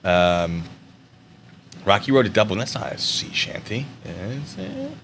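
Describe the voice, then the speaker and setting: A man's voice: on the low side, sing-song, a little slow, a bit bright, slight background noise. A man chatting casually on a livestream, rambling and joking as he thinks aloud. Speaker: streamer.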